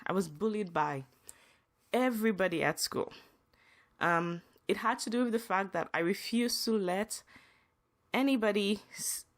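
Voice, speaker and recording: A young adult woman hosting a podcast, telling personal stories in a casual, emotional way with frequent restarts. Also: medium pitch. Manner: emotional, earnest storytelling with many restarts. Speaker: podcast host.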